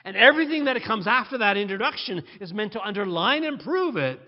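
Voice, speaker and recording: A man preaching a sermon, emphatic and climbing to loud peaks on key points. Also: high voice, big pitch swings, a little fast. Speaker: pastor. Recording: muffled sound with long hall reverb.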